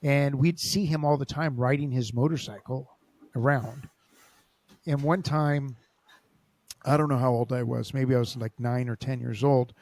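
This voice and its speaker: A man, a podcast host telling stories in an animated way and laughing often. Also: medium pitch, dry recording. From Los Angeles, USA. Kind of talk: casual interview storytelling.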